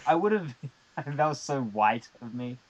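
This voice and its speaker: A man's voice: mid-range voice, animated, slow pace, lo-fi sound, a crowd in the background. A man, joking and laughing as co-host of a casual podcast chat. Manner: jokey, laughs often.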